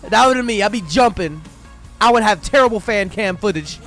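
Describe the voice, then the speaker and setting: A man hosting a reaction video, hyped up and talking excitedly, often shouting and singing along. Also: high-pitched, normal speed. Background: faint concert music.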